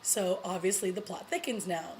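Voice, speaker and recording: A woman vlogger recapping a TV episode in a casual, excited way, with lots of "you know" and little laughs. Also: on the low side, moderate pace, slight background noise, low-quality recording. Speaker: TV review vlogger.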